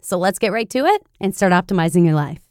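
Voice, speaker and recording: A woman podcast host reading a blog post aloud in an expressive, animated storytelling manner. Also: lowish voice, fast talker, no echo, studio quality.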